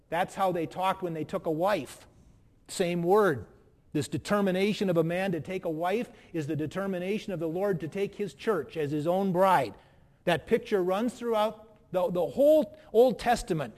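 A pastor preaches a sermon with emphatic pauses and rhetorical questions. His voice sits high for a man. It rings with the long reverb of a large hall. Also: a little mellow.

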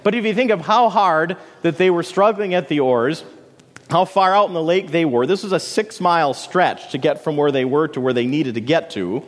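A man preaching a sermon, telling a story dramatically, his voice soaring high and then dropping to a hush. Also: normal speed, big-room sound. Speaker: pastor.

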